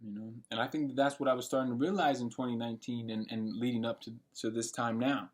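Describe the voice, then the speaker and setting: A man's voice: mid-range voice, fairly even intonation, quick pace. A man in his late twenties giving a blunt, profane and rambling monologue for his vlog. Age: late 20s. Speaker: vlogger. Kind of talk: unscripted rant monologue.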